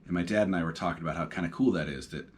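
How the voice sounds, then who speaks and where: His voice sits low and races along very fast as he hosts his podcast alone from the couch at home. He's in his thirties, casual and reflective, meandering with plenty of fillers like um and uh.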